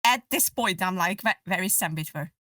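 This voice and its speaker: Low-voiced woman, distant mic. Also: normal speed, sharp tone, no room sound, studio quality. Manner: gushing fan talk with many fillers. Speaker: podcast co-host. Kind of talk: casual podcast chat.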